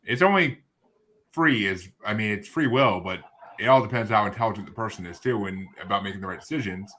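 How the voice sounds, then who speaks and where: Bright-voiced rambling male podcast host. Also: fairly low pitch, fairly quick. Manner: rambling, sarcastic asides, self-interrupting. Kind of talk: casual interview chat.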